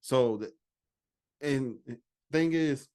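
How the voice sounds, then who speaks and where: A man chats on a podcast in a relaxed, easygoing way. He slips into other voices when he quotes people. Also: mid-range voice, drawn-out words, smooth. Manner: relaxed storytelling with quoted dialogue, laughs often. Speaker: co-host, husband. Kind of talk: casual podcast conversation.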